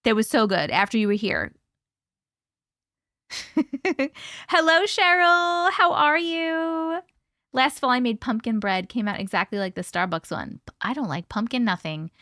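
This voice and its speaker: A woman hosts a relaxed live stream, chatting with viewers and greeting them by name between giggles. Her voice sits a little high and sounds close and dry on the mic. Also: unhurried, long pauses, no room sound. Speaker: livestream host. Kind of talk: casual live chat reading comments.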